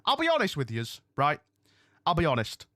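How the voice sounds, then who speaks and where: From a room in his home, a man hosts a live wrestling watch-along, chatting casually with viewers and frequently losing his train of thought. His voice is a little high with wildly swooping pitch, a sharp tone, and a moderate pace, with no echo.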